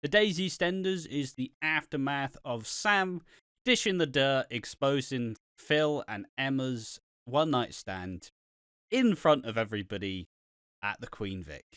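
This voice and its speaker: A man's voice: medium pitch, expressive, unhurried, fairly bright tone, clear, resonant tone, dry recording, clean studio sound. A man from Britain co-hosting a podcast, chatting casually and animatedly about a soap episode, often swearing and acting out lines. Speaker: podcast co-host.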